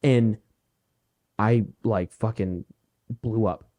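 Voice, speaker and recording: A man's voice: on the low side, slow. Profane young man telling a story. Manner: profane, animated when acting out quotes. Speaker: podcast co-host. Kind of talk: casual storytelling chat.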